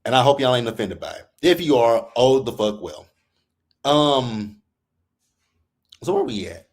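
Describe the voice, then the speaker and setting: Male reality TV recap host, AAVE speech, mid-pitched, profane and exasperated, rants hard. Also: a little slow. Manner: profane, animated, exasperated, quotes people in put-on voices. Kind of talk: heated casual recap rant.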